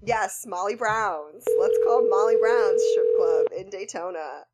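A woman's voice: mid-range voice, unhurried, heavy background noise. A young woman co-hosting a casual podcast, joking, laughing and swearing freely. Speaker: podcast co-host. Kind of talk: casual chat.

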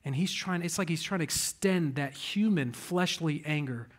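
A fairly high-voiced man preaches to his church in a conversational sermon. He talks straight to the congregation, punching key words and throwing out questions for them to answer. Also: normal speed. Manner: emphatic, direct, addresses the congregation with rhetorical questions. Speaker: pastor.

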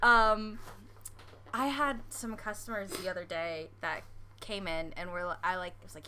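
A woman's voice: mid-range voice, moderate pace, pushed and bright, slight background noise. An American woman who works in a coffee shop, chatting casually on a podcast with lots of laughter and filler words. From United States. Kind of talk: casual chat.

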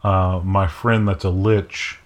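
A man running a tabletop game as game master, talking in a relaxed way with many fillers. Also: low voice, slow pace.

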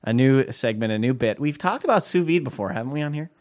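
A man's voice: medium pitch, animated, fast, darkish tone. Chatty rambling podcast host, man. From Scandinavian heritage. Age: 30s. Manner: chatty and rambling, many fillers, laughs easily. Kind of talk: casual podcast banter.

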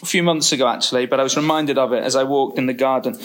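A man's voice: medium pitch, fast talker, hardly any pauses. A middle-aged man preaching a sermon, reading scripture and acting out quotes with humor. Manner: lively, expressive preaching with humor and acted-out quotes.

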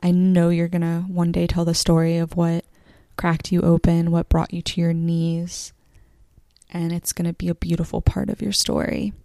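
A woman's voice: on the low side, flat delivery, normal speed, vocal fry, mellow, no echo. A woman hosting a podcast, talking in an emotional, encouraging monologue to her listeners, swearing casually and close to tears. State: near tears. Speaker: podcast host.

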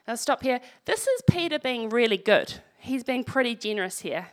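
A woman's voice: on the high side, big pitch swings, moderate pace. A woman preaching a sermon, reading scripture aloud and breaking in with wry, conversational asides.

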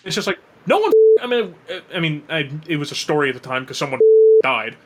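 A man's voice: on the high side, big pitch swings, fast talker, a bit bright. A man co-hosting a casual podcast chat, talking bluntly with swearing and lots of filler words. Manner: blunt, swearing, heavy use of "like". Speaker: podcast co-host.

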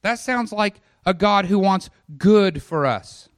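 A man preaches a sermon in a fairly high voice, recorded close and dry. He builds his voice up through long lists, then drops it low and quiet. Along the way he turns to the congregation with casual asides. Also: animated, takes it slowly, smooth, no room sound. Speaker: pastor.

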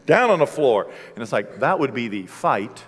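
A man preaching a sermon, telling stories with lively energy and shouting out the lines he acts out. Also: medium pitch, moderate pace, breathy edge. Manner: animated storytelling, shouting acted-out quotes. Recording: long hall reverb.

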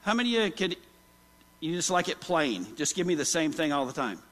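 High-voiced preacher in a reverberant church. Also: male voice, very animated, a little fast, fairly bright tone. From Oklahoma. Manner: folksy storytelling, asks the congregation questions. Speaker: pastor. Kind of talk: sermon. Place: church sanctuary. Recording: long hall reverb.

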